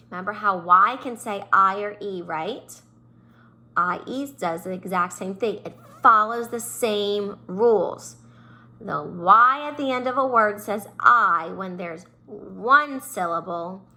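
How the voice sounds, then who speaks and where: Bright, patient woman teaching kids phonics. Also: medium pitch. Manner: sing-song, stretches and stresses sounds for kids. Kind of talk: phonics lesson for young children.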